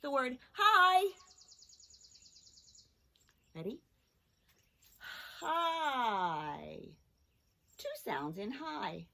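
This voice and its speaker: A woman teaching a children's phonics lesson, sounding out words slowly and carefully. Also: sits high, huge pitch swings, vocal fry, bright, forceful tone. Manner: slow, drawn-out sounding out of words.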